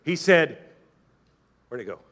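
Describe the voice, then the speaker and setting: A male pastor preaching a sermon with passion, calling on the congregation to answer back and acting out doubters' objections in a quieter voice. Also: fairly high pitch, big pitch swings, a little slow.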